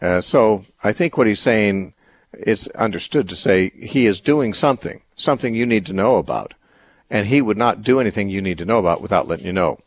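A man hosting a radio call-in show, explaining a Bible passage in a thoughtful, halting way full of fillers and restarts. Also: fairly low pitch, no echo.

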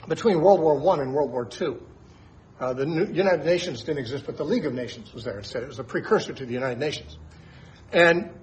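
A man's voice: a little high, rough recording. A man who teaches the Bible on the radio, explaining scripture in an emphatic way and posing rhetorical questions to his listeners.

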